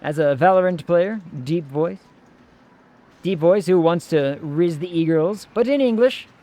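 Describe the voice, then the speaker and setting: A man streams a video game, offering casual gameplay commentary in a playful, jokey way and slipping into silly voices. His voice is fairly high and dark-toned, at a measured pace.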